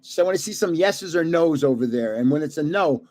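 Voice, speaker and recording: An older man hosts a card-collecting livestream, chatting casually while opening card packs and chuckling at himself as he guesses card names. His voice sits on the high side, slightly mellow, with lively intonation and a brisk pace.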